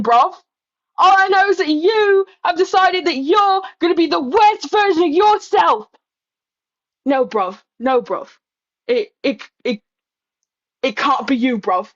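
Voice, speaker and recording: A woman's voice: very high-pitched, fairly bright tone, highs cut off, voice pushed up, full character voice. A woman putting on an exasperated English man with a London accent, scolding a friend in profane slang. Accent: London English, put on. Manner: exasperated, pleading. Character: fed-up English male wrestler scolding a friend.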